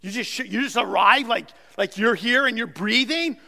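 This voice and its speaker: A male pastor preaching a sermon, emphatic, repeating phrases and swinging between loud outbursts and soft, low asides. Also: expressive, a little slow, gravelly. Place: church sanctuary. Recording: long hall reverb.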